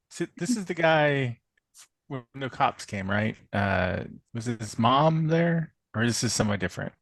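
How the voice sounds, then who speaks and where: A man's voice: medium pitch, lively intonation, unhurried, fairly bright tone, no room sound. A man playing in a tabletop game, chatty and laughing at himself. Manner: laughing, self-deprecating. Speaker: player. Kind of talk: casual tabletop play.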